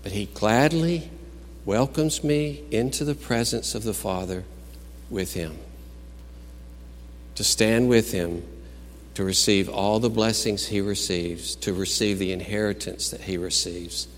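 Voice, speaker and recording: A man preaching a sermon, swinging between loud exclaimed peaks and quiet, musing storytelling. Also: fairly low pitch, measured pace, big-room sound, slight background noise. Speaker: pastor.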